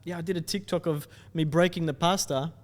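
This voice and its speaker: A man's voice: fairly high pitch, brisk, long reverb tail. Laughing Australian man telling stories. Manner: animated, laughs often, slips into impressions. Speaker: content creator guest. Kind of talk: casual storytelling chat.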